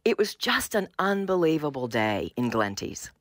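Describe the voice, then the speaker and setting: A woman's voice: deep voice, big pitch swings, moderate pace, dry recording, studio quality. A woman who directs theatre and teaches as a professor, speaking as a radio guest. She praises things in an effusive, enthusiastic way.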